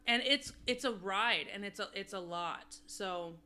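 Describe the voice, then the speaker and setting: A woman's voice: medium pitch, measured pace, pushed and bright, clean tone. A woman co-hosting a podcast, chatting candidly and rambling in a self-deprecating way. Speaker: podcast co-host. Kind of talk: casual chat.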